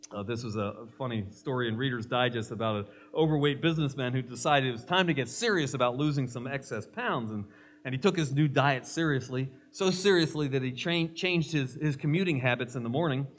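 A man's voice: medium pitch, fairly quick, a bit bright, slight background noise. A male pastor preaching a sermon, emphatic, mixing scripture with humorous stories.

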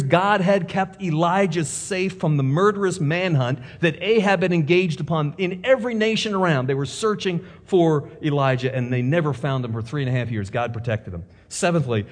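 A male pastor delivers an emphatic sermon in a fairly high voice, counting off his points and pressing rhetorical questions. His words ring out with a long reverb in what sounds like a church sanctuary. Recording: long reverb of a large hall.

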